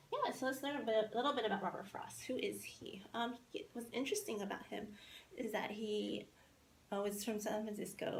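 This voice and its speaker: A woman's voice: medium pitch, gravelly, a little hiss or hum. A woman from Southern California teaching a class in a chatty way, with many fillers.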